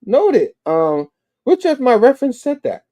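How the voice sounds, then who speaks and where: A man's voice: very high voice, wildly swooping pitch, measured pace, warm tone, pitched above the performer's own voice, heavily acted. A man voicing an eager, awkward young man answering job interview questions in a chirpy, exclamatory way.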